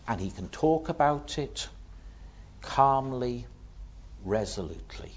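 A man preaching a sermon, dramatic, swinging from hushed words to loud ones. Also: medium pitch, animated, takes it slowly, pauses often, muffled recording, a little hiss or hum.

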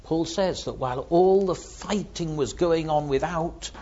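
A man preaching a sermon, dramatic, swinging from hushed words to loud ones. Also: a little high, measured pace, highs cut off.

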